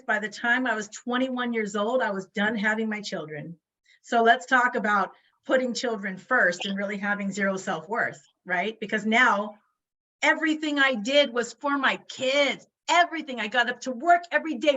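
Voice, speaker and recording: Bright, emphatic woman speaker. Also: a little high, muffled recording. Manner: emphatic, rhetorical questions, frequent "right?". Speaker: guest speaker. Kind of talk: motivational talk on a video call. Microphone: video call.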